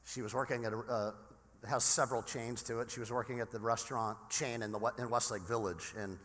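Bright-voiced pastor preaching in a reverberant church. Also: male voice, medium pitch, a little fast. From Southern California. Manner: animated, conversational preaching with frequent restarts. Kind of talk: sermon. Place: large church sanctuary. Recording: long reverb in a church hall.

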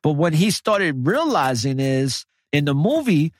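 A man in casual podcast conversation, retelling a film with animated, profane emphasis. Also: on the high side, unhurried, dry recording, clean studio sound.

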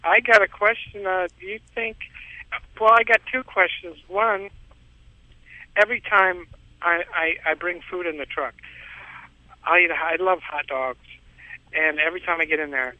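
A man calls in over a thin, phone-like line with no room sound at all. He tells his story in a loose, rambling way, repeats words and chuckles between them. His voice sits a little high for a man. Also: moderate pace, pauses often, no echo. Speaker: caller. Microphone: telephone. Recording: tinny phone line, dry.

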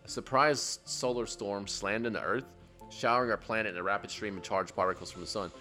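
A man's voice: fairly low pitch, steady tone, brisk, pushed and bright, soft background music. A man co-hosting a podcast with his brother, chatting casually and rambling, with frequent laughs. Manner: rambling, laughs often, many fillers and restarts. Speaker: podcast co-host. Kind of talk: casual chat.

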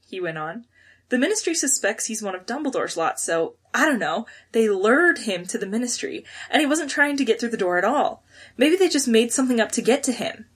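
A woman co-hosting a podcast, chatting casually and reading listener comments aloud, quick and excitable. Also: medium pitch, breathy edge. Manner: quick, excitable, laughs often. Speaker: podcast co-host.

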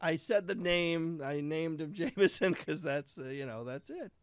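A man's voice: fairly high pitch, lively intonation, moderate pace, no room sound, clean studio sound. A man telling stories on a talk show, easygoing and laughing often. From Irish heritage, US. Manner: chuckling, easygoing storyteller. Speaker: comedian guest. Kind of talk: casual storytelling.

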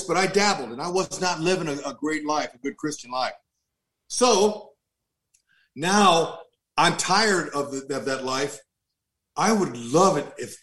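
A man telling his life story in a lively, animated way, stumbling over repeats and restarts as he goes. His speaking voice sits fairly high for a man. He delivers a personal testimony with plenty of energy. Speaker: speaker giving a faith testimony.

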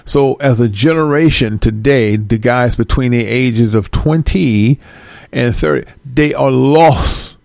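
A male preacher who talks straight at his listeners in a blunt, profane and scolding way. His pitch sits mid-range and the sound is close and dry. He leans on repeated words for emphasis. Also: slow, vocal fry, a little mellow, no room sound. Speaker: religious teacher. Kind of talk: street-style preaching with scripture reading.

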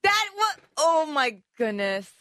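A woman producer joins the podcast banter and insists she is right. Her voice is bright and slightly high. The sound is dry and close. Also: sing-song, slow pace, no room sound. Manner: insistent, defensive. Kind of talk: casual chat.

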